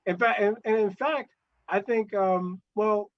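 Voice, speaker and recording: A man's voice: sits high, measured pace, lo-fi sound. A man hosting a live online show, chatting casually and hesitantly, often restarting his sentences. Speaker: show host.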